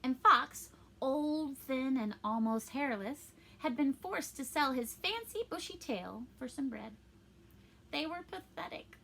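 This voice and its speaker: A woman's voice: high-pitched, expressive, slow, gravelly, pushed and bright. A young woman reading a storybook aloud to children, adding chatty explanations for young listeners.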